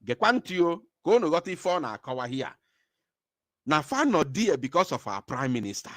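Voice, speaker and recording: Fiery man, lively pitch. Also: brisk, dry recording, clean studio sound. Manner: fiery, emphatic, mixes Igbo and English. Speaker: political commentator. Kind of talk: impassioned commentary.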